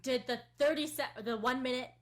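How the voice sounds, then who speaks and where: A woman's voice: high voice, steady tone, fairly quick. A woman co-hosting a podcast in casual chat, teasing and laughing often. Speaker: podcast co-host.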